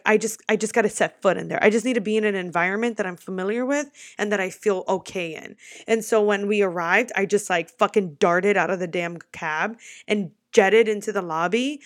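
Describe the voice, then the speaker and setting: A young woman from the United States telling a personal story to her viewers in a casual vlog, animated and quick, swearing freely. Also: medium pitch, no room sound, studio quality. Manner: animated, swearing, talks fast in bursts. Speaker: vlogger.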